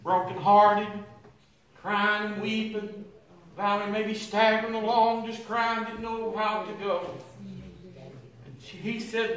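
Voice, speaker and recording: A man's voice: high-pitched, fairly even intonation, takes it slowly, pauses often, fairly bright tone. An older man preaching a sermon in a church, drawing out his words into a chanted, sing-song delivery that rises into song. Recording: echoey hall, voice from far off.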